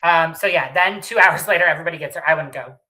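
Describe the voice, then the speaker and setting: A woman co-hosting a casual podcast, recapping a reality show bluntly, swearing freely and tossing in animated asides. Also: deep voice, fast, low-quality recording. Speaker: podcast co-host.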